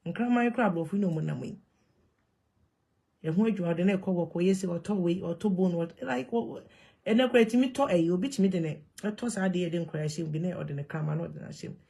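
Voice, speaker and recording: Gravelly Ghanaian woman vlogging. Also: on the low side, moderate pace. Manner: mixes Twi and English, animated and emphatic. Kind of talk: casual monologue to camera.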